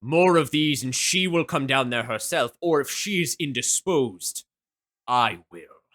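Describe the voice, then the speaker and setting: A man voicing a booming, stern male god who scolds children and complains about calming his wife. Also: measured pace. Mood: stern warning. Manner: commanding, reverberating.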